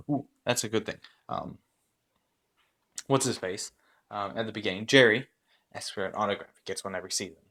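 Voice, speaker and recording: A man runs a story game as its narrator, describing the scene to his players. His voice is on the low side, and he rambles with lots of fillers and restarts. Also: a bit bright. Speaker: game master.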